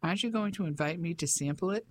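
A woman's voice: fairly low pitch, quick pace, lightly acted. A woman doing a brash teasing fisherman. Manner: loud, teasing.

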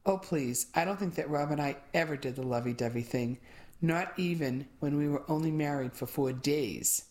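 A woman's voice: low-pitched, moderate pace, darkish tone, close to an everyday voice. A woman voicing a blunt, no-nonsense baker friend with a fiery temper, in a storybook reading. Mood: teasing. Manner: blunt, teasing.

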